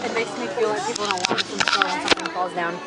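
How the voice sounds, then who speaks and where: A woman's voice: medium pitch, steady tone, quick pace. A young woman filming a casual vlog, chatting and teasing her friend in a playful way. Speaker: vlogger. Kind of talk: casual chat. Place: busy indoor market and shops. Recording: loud crowd and music around.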